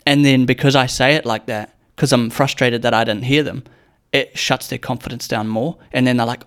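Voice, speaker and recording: Here a young podcast host talks alone in a steady, clear, resonant mid-range voice at normal speed. The content is casual and meandering, packed with jokes, swearing, and acted-out quotations.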